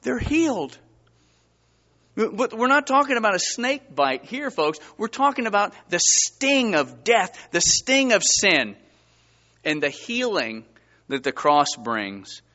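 Lively, bright-voiced preacher man. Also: high-pitched, slow pace, highs cut off. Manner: preaching with rising emphasis and Bible readings. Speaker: pastor. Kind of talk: sermon.

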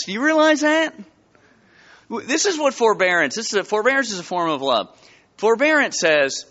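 A man preaching a sermon to his church, telling stories with lively, rising emphasis. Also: sits high, normal speed, long reverb tail, lo-fi sound. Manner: animated storytelling with rising emphasis. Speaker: pastor. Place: church sanctuary.

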